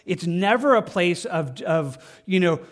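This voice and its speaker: A man's voice: high voice, animated, measured pace. A middle-aged man preaching a sermon as a pastor, earnest and conversational, often repeating himself.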